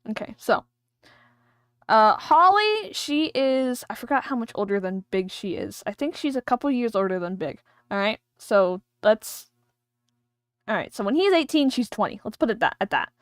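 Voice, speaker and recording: A woman's voice: mid-range voice, animated, moderate pace, no room sound. Chatty woman streamer, dry sound. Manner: chatty, rambling, thinking aloud. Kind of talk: casual livestream chat while drawing.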